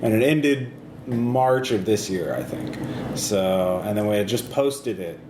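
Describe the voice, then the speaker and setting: A man's voice: fairly low pitch, lively intonation, a little slow. A man hosting a casual group podcast, talking in a meandering, hesitant way and often correcting himself. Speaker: podcast host. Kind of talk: casual group chat about a tabletop campaign. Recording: echoey room with clear background noise.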